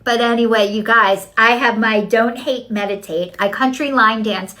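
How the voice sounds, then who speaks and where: A woman's voice: on the high side, moderate pace, low-quality recording. Chatty woman vlogger telling a story. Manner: chatty, animated storytelling, acts out dialogue. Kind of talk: casual talking-to-camera vlog.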